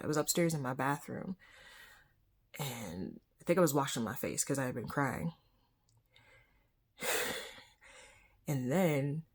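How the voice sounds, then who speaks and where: Young woman, low husky voice, candid conversational vlog storyteller. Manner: candid, conversational, frequent soft whispered asides. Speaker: vlogger. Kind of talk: personal storytime.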